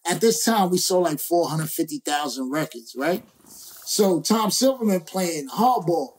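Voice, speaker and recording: A male rapper as a guest, telling a story in a lively, slangy, profane way and acting out other people's lines. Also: a little high, unhurried, husky. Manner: slangy, profane, acts out quoted voices. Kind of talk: animated storytelling.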